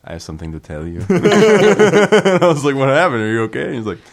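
A man's voice: on the high side, big pitch swings. A man co-hosting a podcast in casual chat, drawling his work stories, laughing and swearing. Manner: slow, drawling, laughing, profane. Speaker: podcast co-host.

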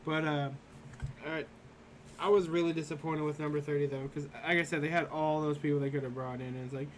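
Young guy rambling thru a recap, kinda high voice, faint hiss behind. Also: fairly even intonation, fast talker. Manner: rambling, filler-heavy recap. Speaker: podcast host recapping wrestling. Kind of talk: casual chat.

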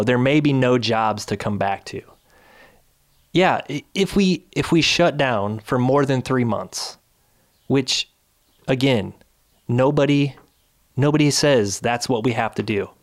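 A man vents from his couch at home in a fiery, indignant rant. He hammers away with rhetorical questions in a voice of ordinary middle pitch. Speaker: video series host. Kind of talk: angry ranting commentary.

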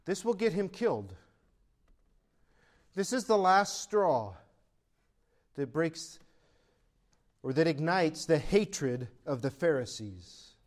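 A man preaching a sermon as pastor, swinging from loud proclaiming to quiet asides, with laughs between points. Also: fairly high pitch.

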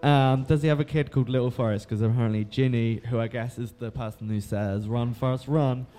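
A man's voice: medium pitch, steady tone, fast, dark tone, clean tone, soft background music. Rambling, sweary man. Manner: swears freely, lots of fillers. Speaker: book recapper. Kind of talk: casual rambling recap.

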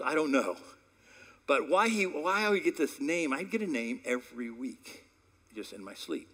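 A man preaching a sermon in a conversational storytelling way, swinging between sudden loud peaks and hushed asides. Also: mid-range voice, moderate pace. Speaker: pastor.

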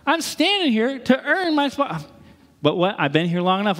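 A pastor from the East Coast preaching a sermon, telling a story with jokes and acted-out quotes, then praying. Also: male voice, high-pitched, moderate pace, long reverb tail. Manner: animated, acts out quotes, jokey then earnest. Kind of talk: sermon with storytelling and closing prayer.

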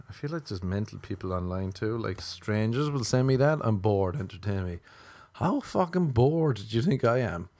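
A man's voice: on the low side, a little mellow, no echo. A man in a casual monologue, ranting sardonically and swearing often.

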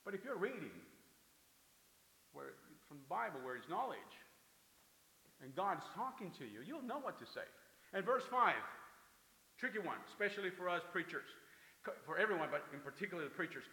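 A man's voice: high voice, sing-song, moderate pace, pauses often, sharp tone. Male pastor, sermon delivery, acts out dialogue, hall reverb. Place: large hall at a men's camp. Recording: echoey hall, long reverb.

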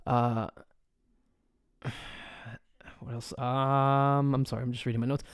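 Speaking slowly in a clean, mid-range voice, a man hosts a casual solo soccer show and rants like an animated fan. He swears a lot and uses many fillers and restarts, and the studio-quality recording has no room sound.

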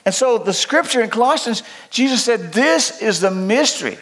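An older man preaching a sermon as pastor, folksy and humorous, moving between loud preaching and low asides. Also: lively intonation, moderate pace, hardly any pauses.

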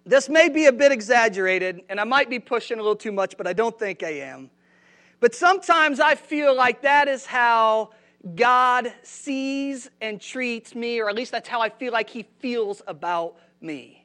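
A man's voice: very high-pitched, expressive, normal speed, pushed and bright. Conversational male pastor preaching. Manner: conversational, asks the congregation questions. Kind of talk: sermon. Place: church.

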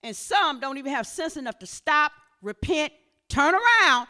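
A woman preaching, swinging from quiet talk to shouted exhortation. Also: big pitch swings, moderate pace. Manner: impassioned, rising to shouts then dropping low.

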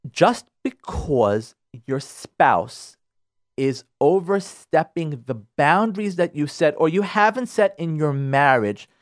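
A man's voice: a little high, no room sound, clean studio sound. A man who works as a marriage counselor, hosting a radio advice talk and driving his points home by repeating phrases. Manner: emphatic, repeats phrases for stress.

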